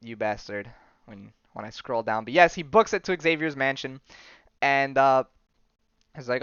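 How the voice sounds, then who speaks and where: A man's voice: medium pitch, lively intonation, moderate pace, a bit bright, smooth, no echo, muffled recording. A young man hosting a casual podcast, rambling through a comic book story with laughs and acted-out lines. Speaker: podcast host.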